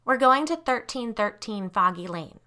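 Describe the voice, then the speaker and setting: A woman voicing a frightened teenage girl in a told ghost story, pleading in a high, loud, desperate voice. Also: animated, a little slow, heavily acted. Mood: uneasy.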